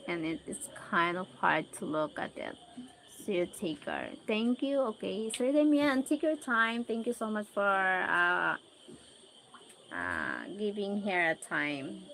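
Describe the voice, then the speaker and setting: A woman with a Filipino accent hosting a casual livestream, slowly reading out viewers' comments and thanking them one by one. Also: medium pitch, fairly bright tone, a little hiss or hum, poor audio. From Philippines. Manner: slow, unhurried greetings and thanks to viewers. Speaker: livestream host.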